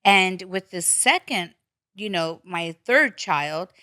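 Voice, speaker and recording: A woman's voice: on the low side, slow pace, no echo, studio quality. A woman podcast host in casual chat, telling stories bluntly with plenty of swearing. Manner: blunt, profane, animated storytelling.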